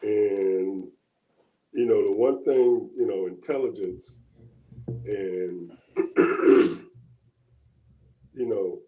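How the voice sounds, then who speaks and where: A man co-hosting a casual political chat. He thinks aloud in a halting way, with many pauses and restarts. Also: on the low side, echoey room, narrow, tinny audio. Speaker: co-host.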